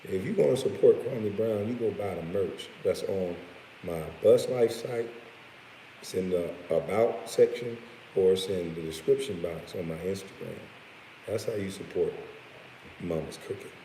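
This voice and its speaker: Deep-voiced man ranting bluntly. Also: dark tone. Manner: blunt and profane, with laughing asides. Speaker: vlogger. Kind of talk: profane rant vlog. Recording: roomy echo with faint hiss.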